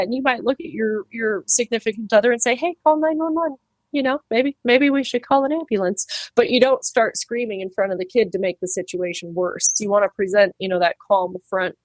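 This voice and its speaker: A woman's voice: mid-range voice, no room sound. Chatty woman pig trimmer, dry sound. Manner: animated, acts out quoted voices, laughs easily. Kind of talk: casual interview talk.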